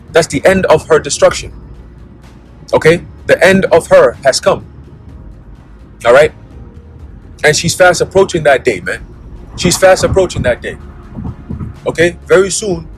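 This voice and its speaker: A man's voice: fairly high pitch, low-quality recording. A man giving a blunt, profane preaching monologue, constantly checking in with "okay?" and "all right?". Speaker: religious commentator.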